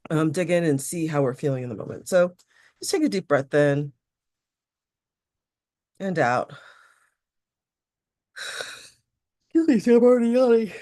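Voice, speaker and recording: A woman coaching a tapping session, calm and frank, leading listeners through repeated phrases with the odd swear. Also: low voice, no room sound, studio quality.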